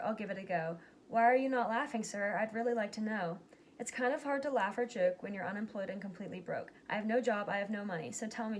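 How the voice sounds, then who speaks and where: A woman reading a rhyming picture book aloud, giving its characters lively but plain voices. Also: medium pitch, slight background noise. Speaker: reader.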